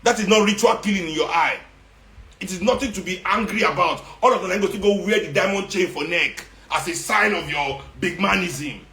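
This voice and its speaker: Man, Nigerian accent, higher voice, confrontational, sarcastic, Pidgin mixed in, echoey room. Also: brisk, sharp tone. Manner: confrontational, sarcastic, repeats for emphasis. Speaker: activist speaking to followers. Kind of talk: impassioned monologue. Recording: roomy echo.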